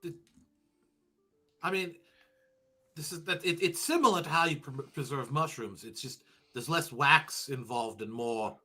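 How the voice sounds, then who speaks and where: A man's voice: on the high side, animated, unhurried, long pauses, pushed and bright, husky. A man playing a pompous party leader in an improvised comedy role-play.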